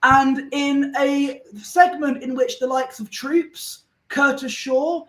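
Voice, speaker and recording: A man's voice: very high voice, steady tone, slow, fairly bright tone, reverberant, rough recording. A man from Somerset, a guest on a fan panel show, talking in an earnest, rambling way with lots of restarts. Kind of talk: casual chat.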